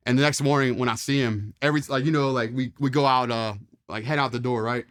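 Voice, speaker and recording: A man's voice: medium pitch, steady tone, fast, fairly bright tone, smooth. A man in his forties tells war-service stories in a loose, rambling style. He piles on fillers, drops mild swear words and acts out what others said. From Charlottesville, Virginia, US. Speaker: interview guest, former Marine. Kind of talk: casual storytelling.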